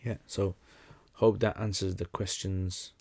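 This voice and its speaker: A young man chats through a livestream Q&A at an easygoing pace, his voice sitting a little low. He often stops to restart a thought and fills the gaps with ums and uhs. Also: unhurried, vocal fry, slightly rough. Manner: relaxed, conversational, many fillers and restarts. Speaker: livestream host answering questions. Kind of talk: casual livestream Q&A.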